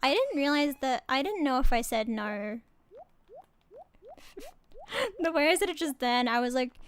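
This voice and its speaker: A woman's voice: high voice, expressive, a little fast. A young Australian woman chatting casually while streaming a game, rambling and giggling as she talks. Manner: rambling, giggly, self-interrupting. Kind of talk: casual gaming stream chat.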